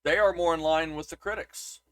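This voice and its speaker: In a dry, studio-quality recording, a man with a fairly high, clear, resonant voice speaks briskly. He co-hosts a podcast, chatting casually about a movie and reading reviews aloud, restarting often.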